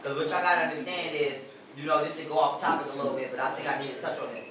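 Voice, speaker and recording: A man's voice: fairly high pitch, very fast, a bit bright, a little hiss or hum. A man giving an informal lecture to a group of listeners, blunt and profane. He speaks emphatically and often laughs at his own jokes. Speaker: street lecturer addressing a small group. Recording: echoey space, mic far away, crowd audible.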